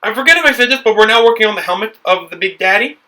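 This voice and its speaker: Rambling young man, bright voice, off-mic. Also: high voice, lively intonation, very fast, recorded from a distance, poor audio. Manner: rambling, self-correcting, upbeat. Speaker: brick builder and video host. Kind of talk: casual talk while building.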